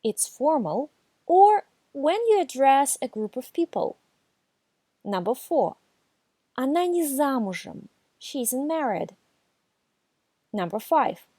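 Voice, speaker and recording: A woman giving a scripted beginner language lesson, reading numbered examples and saying the foreign words slowly and carefully. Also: high voice, big pitch swings, warm tone, no room sound, clean studio sound. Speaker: language teacher.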